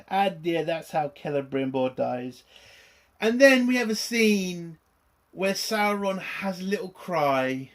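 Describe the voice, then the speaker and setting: A man's voice: high-pitched, lively intonation, takes it slowly. A man giving a casual spoken review of a TV episode, exasperated and sarcastic, swearing often.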